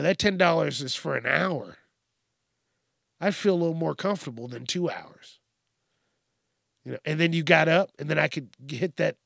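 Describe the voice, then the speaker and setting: A man's voice: a little high, gravelly, fairly bright tone, no echo, studio quality. A man hosting a podcast alone, ranting in a profane, casual way and briefly mimicking people. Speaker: podcast host. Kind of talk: casual solo rant.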